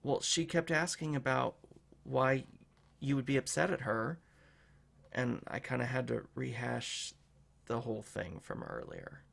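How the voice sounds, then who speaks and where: A man playing a tabletop role-playing game, reasoning through clues aloud with halting starts. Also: medium pitch, animated, gravelly, a bit bright. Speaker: player. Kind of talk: casual tabletop role-play.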